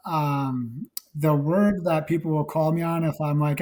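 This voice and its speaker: A man from Wisconsin talks as a guest in a relaxed interview. His voice is low and a little raspy, and it sits a touch higher in pitch than most men's. He rambles, circling back with fillers and restarts. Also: unhurried. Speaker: guest actor and nurse. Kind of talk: casual interview chat.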